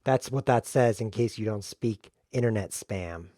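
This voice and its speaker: A man streaming a chess game, talking to himself in a jokey, excitable way as he plays. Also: fairly low pitch, moderate pace, dry recording, studio quality. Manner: jokey, excitable self-talk while playing. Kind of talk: live game commentary.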